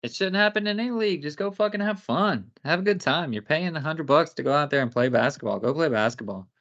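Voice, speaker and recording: A man's voice: fairly high pitch, expressive, quick pace, fairly bright tone, muffled recording. A man co-hosting a podcast, ranting bluntly with lots of cursing in casual chat. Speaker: podcast co-host.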